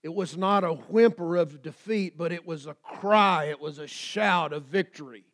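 A male pastor delivers a sermon. His voice sits a little high, and he moves between ringing declarations and low, quiet asides. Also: normal speed. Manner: preaching with big swings from loud shouts to low, quiet asides.

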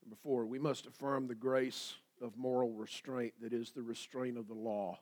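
A pastor preaching a sermon, swinging between loud declarations and quiet asides. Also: male voice, medium pitch, flat delivery, moderate pace.

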